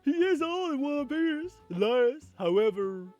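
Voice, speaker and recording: A man voicing a stout, easygoing male soldier in a loud, jovial way. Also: extremely high pitch, sing-song, a little slow, muffled recording, soft background music, pitched above the performer's own voice, exaggerated voice. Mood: matter-of-fact.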